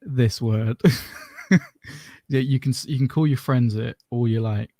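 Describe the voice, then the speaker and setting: A man's voice: mid-range voice, takes it slowly, dark tone, no room sound, studio quality. A British man from the UK chatting casually, joking and laughing, often stammering. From United Kingdom. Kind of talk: casual chat.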